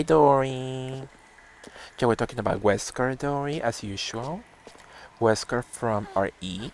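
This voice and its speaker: Slow-talking male game streamer. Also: medium pitch. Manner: chatty, reads chat messages aloud and answers viewers. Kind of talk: casual live-stream chat while playing.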